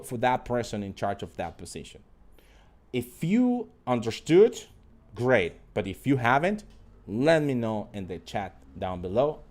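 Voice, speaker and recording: A man teaching a live online English lesson, talking straight to his viewers and drilling phrases by repeating them. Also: mid-range voice. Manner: addresses viewers directly as a group.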